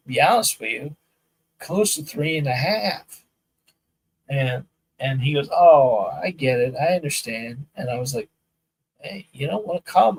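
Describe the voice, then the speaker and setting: A man hosting a live podcast as a firearms instructor, chatting casually with viewers and telling animated stories where he acts out both sides of conversations. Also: medium pitch, breathy edge, poor audio. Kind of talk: casual live-stream chat. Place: outdoor shooting range.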